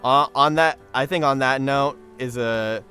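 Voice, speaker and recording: A man's voice: medium pitch, unhurried, pushed and bright, clean tone. A man hosting a casual group chat online, rambling with many fillers and restarts. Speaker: podcast host.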